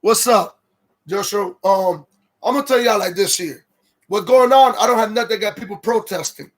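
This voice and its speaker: High-voiced man ranting on a livestream. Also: normal speed. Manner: repetitive, greets viewers, gets heated and incredulous. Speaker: livestream host. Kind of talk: casual livestream commentary.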